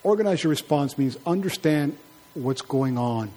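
A man preaching a sermon in an animated, conversational way, acting out quarrels in high mocking voices. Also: normal speed, breathy edge.

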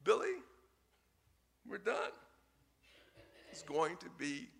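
A man putting on a steady, patient father in a grocery store, speaking low and soothing. The voice is slow and slightly gravelly. Each word stays hushed and even, with a bright edge on top. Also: slight background noise, heavily acted. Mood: calm soothing. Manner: quiet, low, steady reassurance.

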